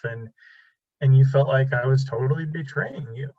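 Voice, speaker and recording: A man's voice: medium pitch, moderate pace, dry recording, lo-fi sound. A man in his thirties giving a casual, self-deprecating relationship talk to an audience, acting out bits of dialogue. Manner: animated, self-deprecating, acts out quoted dialogue. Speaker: relationship speaker.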